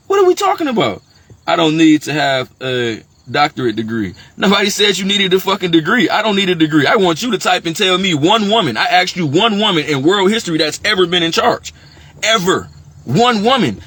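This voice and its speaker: High, husky-voiced man ranting heatedly. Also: bright, forceful tone. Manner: agitated, profane, rapid rhetorical questions. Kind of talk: heated monologue rant.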